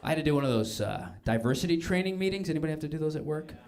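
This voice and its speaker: A man performing a stand-up set, mocking and animated. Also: on the high side, racing. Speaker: stand-up comedian. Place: comedy club stage. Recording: club set with crowd noise. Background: audience crowd.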